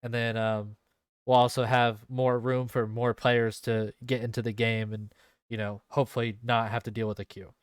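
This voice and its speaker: A man's voice: medium pitch, little pitch movement, normal speed, clean tone, no echo, clean studio sound. A man hosting a casual gaming podcast, rambling with lots of "like" and "um" and the odd swear word. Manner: rambling, heavy use of fillers and swearing. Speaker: podcast host.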